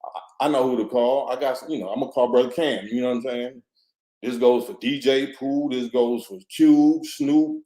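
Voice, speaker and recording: Man, interview guest, fervent and preachy, street slang, repeats himself, mid-pitched voice, roomy echo. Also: a little mellow. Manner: preachy and fervent, with street slang and many 'you know what I'm saying'; repeats himself and restarts often. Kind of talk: impassioned conversational monologue.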